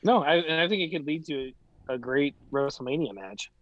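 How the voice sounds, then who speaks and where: A man's voice: on the high side, expressive, brisk, slight background noise. A man co-hosting a casual podcast, easygoing, laughing often and leaning on fillers. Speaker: podcast co-host. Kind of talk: casual chat. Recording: dull, lo-fi mic.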